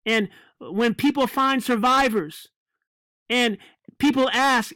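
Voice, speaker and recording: A man preaching a fiery sermon, emphatic and repeating phrases for effect, with drawn-out dramatic stresses. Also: extremely high pitch, bright, forceful tone, no room sound.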